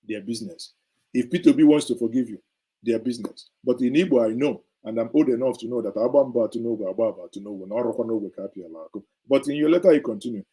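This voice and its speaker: Man, middle-aged, dark voice, heated sarcastic commentary, emphatic repeats. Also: mid-range voice, slightly rough, poor audio. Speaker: commentary host. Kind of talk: opinionated political commentary.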